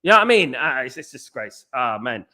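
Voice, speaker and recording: A man's voice: medium pitch, very animated, brisk, sharp tone. A man hosting a football live stream, ranting heatedly, repeating himself and greeting viewers in the chat. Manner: heated, repetitive, talks back to chat. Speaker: football podcast host. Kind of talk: casual live-stream rant.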